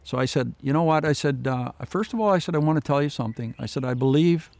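A guest in an interview shares his faith story as an earnest personal testimony, retelling past conversations with lots of "I said" tags. His voice is on the high side and a little mellow, with vocal fry, and he speaks fast.

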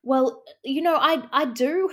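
A woman's voice: high voice, measured pace. A woman, improvising a mock-earnest comedy interview, rambling through many restarts.

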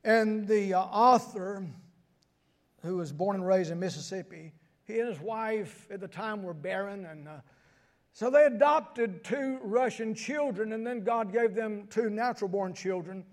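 An older man preaching a sermon, moving between quiet asides and sudden high, shouted emphasis. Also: unhurried.

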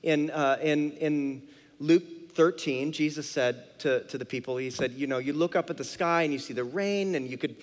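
Male pastor in his thirties, lively storytelling sermon, slightly high voice, long hall echo. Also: moderate pace. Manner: animated storytelling, acts out his own panic. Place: church sanctuary.

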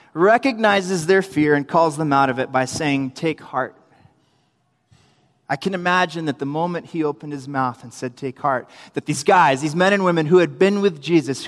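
A young man preaching a sermon in a church, telling the story with animated delivery, acted-out quotes and humorous asides, heard in a reverberant hall. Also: high-pitched. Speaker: preacher, youth minister.

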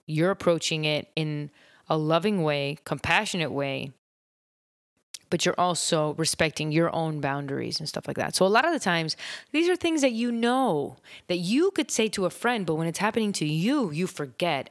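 Low-voiced woman chatting casually on her podcast. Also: dry recording, clean studio sound. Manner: warm, chatty, laughs often, many fillers. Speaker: podcast host. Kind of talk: casual solo podcast talk.

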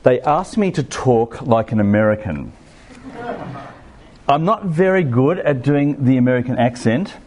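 Middle-aged Australian male preacher, conversational sermon, lively up-and-down pitch, poses rhetorical questions. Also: measured pace.

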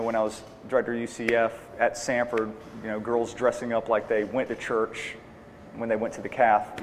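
A man answering audience questions on evangelism in an earnest, plainspoken way, restating each question before he answers. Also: mid-range voice. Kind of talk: Q&A talk. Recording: long reverb in a hall, faint noise.

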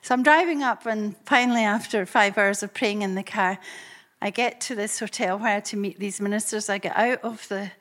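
A woman preaching a storytelling sermon. She speaks in an animated, breathy way and laughs often. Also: medium pitch, moderate pace.

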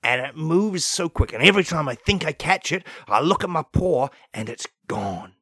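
A man's voice: a little high, expressive, moderate pace, fairly bright tone, no room sound. A man voicing an indignant male demon king who keeps getting treated like a cat, ranting and asking "right?" over and over. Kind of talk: improvised comic monologue.

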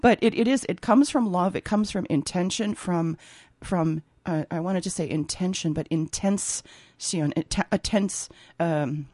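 A woman's voice: lowish voice, normal speed, hardly any pauses, darkish tone, no room sound, clean studio sound. A woman talking as a guest on a radio show, casually and animatedly, often laughing. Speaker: textile artist and opera singer guest. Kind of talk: casual radio interview chat. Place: radio studio.

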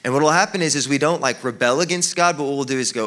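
A man's voice: mid-range voice, rapid-fire, fairly bright tone. A man in his twenties preaching a sermon in a casual, self-deprecating way, often repeating words as he goes. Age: 20s. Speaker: pastor.

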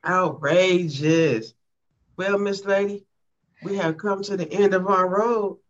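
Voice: mid-range voice, level tone, normal speed, fairly bright tone. An interview host who speaks frankly and casually, swearing now and then. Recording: dull lo-fi recording.

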